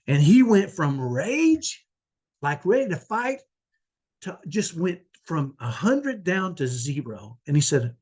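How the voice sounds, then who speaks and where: Husky man telling a story. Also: a little high, very animated, slow, darkish tone. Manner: conversational, tags sentences with "right?". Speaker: parent vlogger. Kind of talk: personal storytelling.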